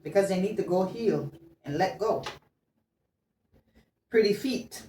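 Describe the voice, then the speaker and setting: A woman's voice: medium pitch, expressive, a little slow. A woman giving a casual love reading as a tarot reader, chatty and blunt, slangy, swearing and laughing as she talks. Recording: roomy sound, distant mic, faint noise.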